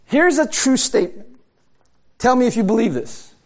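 Animated high-voiced preacher man. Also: moderate pace. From America. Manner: conversational preaching, rhetorical questions, frequent laughs. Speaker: pastor. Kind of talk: sermon.

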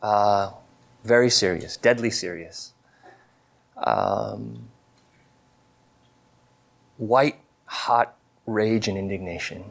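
A man in his thirties telling a personal testimony in a sermon, earnest and confessional, halting with many fillers and restarts. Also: fairly low pitch, gravelly. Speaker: preacher.

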